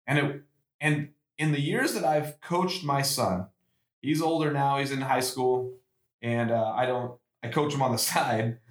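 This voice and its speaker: A man's voice: mid-range voice, measured pace. Earnest middle-aged man in an echoey room. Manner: earnest, emotional, with frequent restarts and rising bursts of emphasis. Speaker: podcast host and youth football coach. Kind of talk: personal storytelling monologue.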